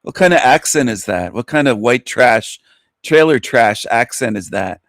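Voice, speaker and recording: A man's voice: medium pitch, expressive, moderate pace, a bit bright, dry recording. Scornful man ranting in a dry room. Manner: scornful, insulting rant. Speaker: host reacting to a video. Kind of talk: mocking live commentary.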